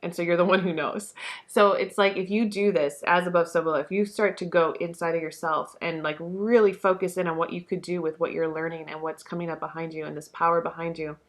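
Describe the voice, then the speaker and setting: Young woman, tarot reader, casual and emotional, swears freely, fairly low voice. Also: steady tone, fairly quick. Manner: chatty, emotional, swears freely, many fillers. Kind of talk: casual tarot reading monologue.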